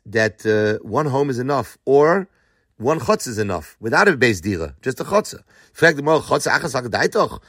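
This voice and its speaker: A man's voice: medium pitch, fairly bright tone, dry recording, studio quality. A man teaching a Talmud lesson, reading Aramaic phrases and then explaining them in English, posing questions and answering them himself.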